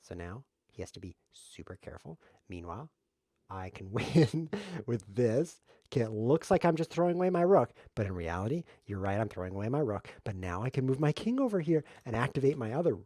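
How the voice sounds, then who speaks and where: A man's voice: medium pitch, sing-song, fast, few pauses, mellow, no echo, clean studio sound. Jokey man narrating his chess game. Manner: jokey self-mocking play-by-play, laughs often. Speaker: streamer playing chess variants. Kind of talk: casual live game commentary.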